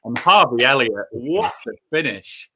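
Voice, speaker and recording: A man's voice: medium pitch, animated, moderate pace, sharp tone, slight background noise. A man hosting a live fan watchalong, narrating and breaking down match action with enthusiasm. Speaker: host of a fan watchalong stream. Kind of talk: live match commentary and chat.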